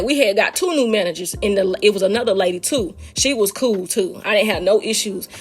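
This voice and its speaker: A woman's voice: medium pitch, breathy edge. A woman telling her own faith story and teaching listeners, talking to them casually and with animation. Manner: animated, talks straight to listeners as "y'all". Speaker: speaker sharing a faith testimony.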